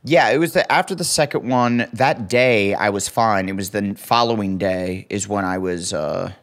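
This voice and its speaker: A man's voice: on the low side, normal speed. A young man co-hosting a podcast, telling stories in a loose, joking way. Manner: joking, loose storytelling with swearing. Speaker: podcast co-host. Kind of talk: casual chat.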